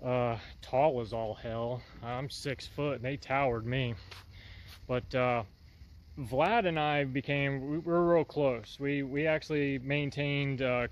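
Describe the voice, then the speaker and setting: A man's voice: medium pitch, flat delivery, a little slow. Easygoing man rambling in a workshop. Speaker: vlogger. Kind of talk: casual workshop vlog.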